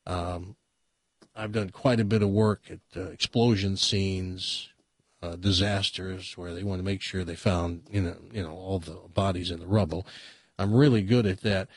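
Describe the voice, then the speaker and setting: A man voicing a boastful talking male dog who rambles on about his working career, with a husky voice. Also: fairly low pitch, dry recording, pitched below the performer's own voice. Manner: chatty, bragging, rambling. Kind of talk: joke storytelling on radio.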